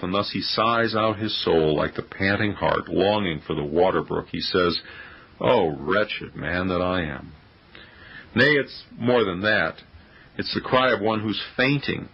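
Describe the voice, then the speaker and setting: A man reading an old-fashioned sermon in a solemn, declamatory preaching manner, with a gravelly voice. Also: lowish voice. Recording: dull lo-fi audio.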